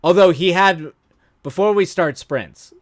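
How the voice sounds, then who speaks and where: A man's voice: high voice, a little slow, no echo, studio quality. A man hosting a live stream, chatting loosely with viewers, often trailing off, restarting sentences and laughing at his own stories. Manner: rambling, self-interrupting, laughs often. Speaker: streamer host. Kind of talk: casual live-stream chat.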